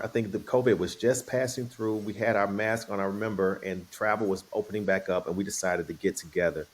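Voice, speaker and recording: Relaxed man telling a story, low voice. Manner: relaxed, playful, acts out quoted voices. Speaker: guest. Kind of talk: casual storytelling interview.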